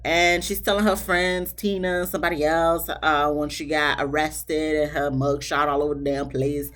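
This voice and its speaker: A woman's voice: sits low, little pitch movement, moderate pace, fairly bright tone. A woman giving a casual, slangy recap of a reality show episode, talking straight to her viewers. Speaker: TV show reviewer.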